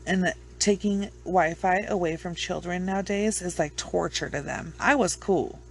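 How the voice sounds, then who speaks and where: A true crime vlogger, an adult woman with children, chats casually to the camera for her viewers, rambling, blunt and swearing freely. Her voice is on the low side and creaky, at a moderate pace.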